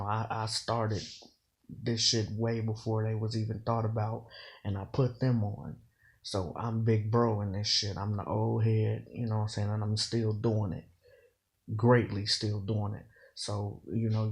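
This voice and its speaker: A man giving casual commentary on battle rap, explaining slang and double meanings and often saying "you know". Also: fairly low pitch. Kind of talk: casual bar breakdown commentary.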